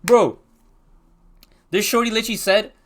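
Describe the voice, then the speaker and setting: High-voiced young man telling a wild story. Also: a little fast. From Pakistan. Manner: slangy, excitable, full of restarts. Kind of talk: casual storytime.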